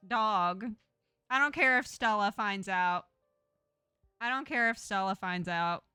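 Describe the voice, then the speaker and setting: Bright-voiced woman streamer chatting. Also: medium pitch, slow pace, long pauses, clean tone, no room sound, clean studio sound, soft background music. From Texas. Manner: chatty, jokey asides to viewers. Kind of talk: casual gameplay commentary, reading a story game aloud.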